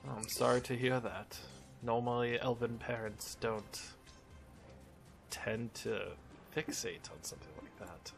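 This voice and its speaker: Gravelly-voiced man playing a tabletop game. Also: medium pitch, fairly even intonation, a little slow, faint music behind. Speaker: player.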